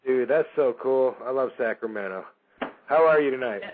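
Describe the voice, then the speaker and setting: A man from Michigan, USA, hosts a radio show and tells a story casually with many fillers, bringing the people in it to life by acting out their voices. His voice is medium-pitched at a normal pace, heard through narrow-band, phone-like radio audio with slight background noise.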